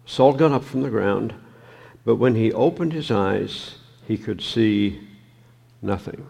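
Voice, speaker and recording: Man preaching, gravelly voice, rather low, slow and reflective, frequent pauses. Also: a little mellow. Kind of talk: sermon reading and commenting on scripture.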